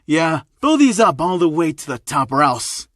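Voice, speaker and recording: A nervous, loud-mouthed thug, played by a male reader for a homemade story. He yelps and stammers, pitched above an ordinary man's voice. The sound is dry and close. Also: sing-song, normal speed, dry recording. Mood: threatening. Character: excitable male thug, panicky and high-strung.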